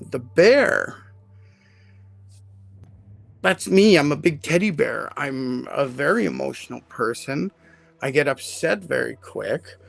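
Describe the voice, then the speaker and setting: Very gravelly-voiced man telling stories. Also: mid-range voice. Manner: emotional, animated retelling with many fillers. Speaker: podcast host. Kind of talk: casual live podcast storytelling.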